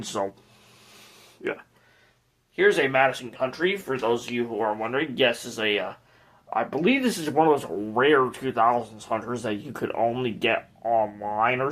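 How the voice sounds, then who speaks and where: A man's voice: mid-range voice, a bit bright. A man hosting a casual tour of his ceiling fan collection, speaking in a hesitant, rambling way with frequent restarts.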